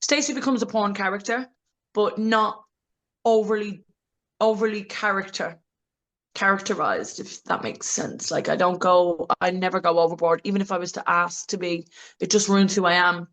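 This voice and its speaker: A woman's voice: steady tone, moderate pace, a bit bright, poor audio. Blunt, laughing woman. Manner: blunt, laughing, mimics voices with big pitch jumps. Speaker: interview guest, adult film actress. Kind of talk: candid casual interview.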